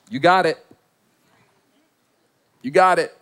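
A male pastor delivering a sermon with humor and emphasis. He repeats phrases to drive points home, and his voice sits a little higher than most men's. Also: normal speed, long pauses, a bit bright.

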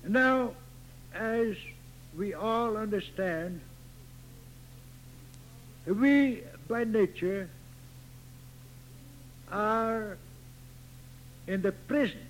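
A man preaching a sermon slowly and deliberately, stressing key words through repetition. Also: high-pitched, slight background noise, poor audio. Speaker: pastor.

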